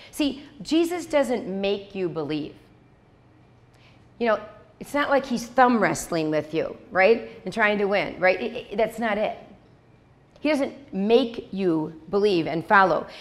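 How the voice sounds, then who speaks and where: A woman preaching a sermon in a conversational way, repeating key lines and checking in with "okay?" and "right?". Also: medium pitch. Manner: acts out short dialogues in quoted voices.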